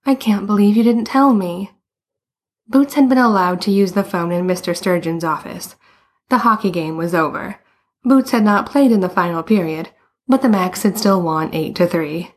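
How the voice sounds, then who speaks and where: Woman audiobook narrator, lowish pitch, even storytelling. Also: moderate pace. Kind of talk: scripted narration.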